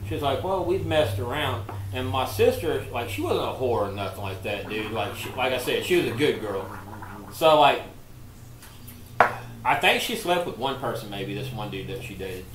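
A man's voice: mid-range voice, expressive, moderate pace. Rambling, profane male storyteller. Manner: rambling, profane, full of "like" and restarts. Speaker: podcast co-host. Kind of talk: crude casual storytelling. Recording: echoey room with faint noise.

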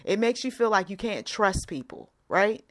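A woman's voice: mid-range voice, normal speed. A woman hosting a casual talk about relationships, speaking conversationally and now and then acting out quoted voices. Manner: conversational and lively, acts out short quoted voices. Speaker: host.

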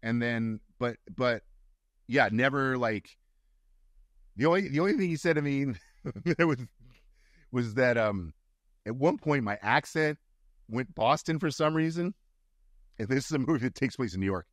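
Lively-voiced man telling actor stories. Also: mid-range voice, normal speed, pauses often, no room sound, studio quality. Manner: animated storyteller, acts out quotes. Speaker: actor, guest. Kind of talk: casual interview chat.

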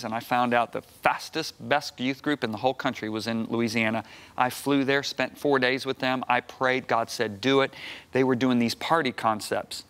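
A man in his sixties, a guest preacher on a television studio set, telling a story in an emphatic way that climbs to high, excited outbursts. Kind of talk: animated storytelling on a talk show.

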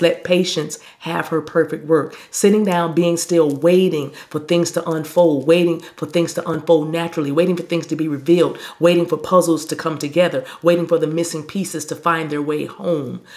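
A woman spiritual reader giving a talk and guided meditation, speaking slowly and soothingly in drawn-out phrases. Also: sits low, fairly even intonation, darkish tone.

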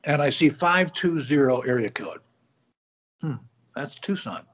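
Speaking at a measured pace in a mid-range voice, a man who works as a bar magician joins a video call from his home office as a guest. His conversational story comes alive as he performs each quoted line.

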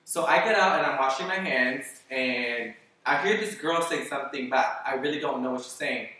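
A man vlogger telling a story casually in a rambling, animated way, with constant "like" fillers and swearing. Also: medium pitch, moderate pace. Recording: very echoey room, voice far from the mic.

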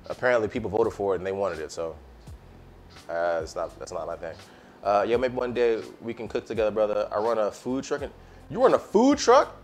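Casual male cooking streamer, low-ish voice, slangy and easygoing, faint music underneath. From United States. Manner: laid-back, slangy, talks to chat. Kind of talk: casual live-stream chat.

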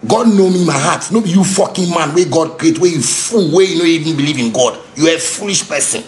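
A man with a Ghanaian Pidgin English accent ranting angrily, heated and repetitive, sometimes shouting. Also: fairly high pitch, expressive, fairly quick, a little hiss or hum. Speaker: musician ranting on a livestream. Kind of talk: angry unscripted rant.

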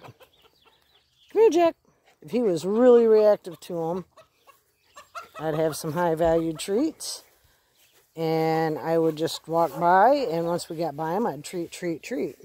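A woman's voice: fairly low pitch, slow pace, long pauses, warm tone. A woman casually talking through a dog training walk in her yard, breaking off to give her dog short commands and praise. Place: outdoors in her yard near chickens.

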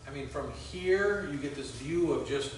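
A male pastor giving a conversational sermon, telling stories with halting restarts. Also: a little high, slight background noise. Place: church sanctuary. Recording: very echoey church hall from far off.

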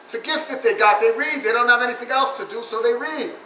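A stand-up performer with a very high, bright voice talks fast as a god, preachy and profane, jeering, repeating lines and chanting looping rhymes. The room is echoey, the mic far away, and there's faint noise.

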